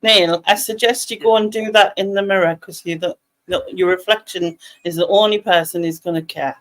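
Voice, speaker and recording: A woman co-hosts a casual live stream. She speaks in a mid-pitched voice and delivers dry, teasing jabs. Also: steady tone, normal speed. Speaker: co-host.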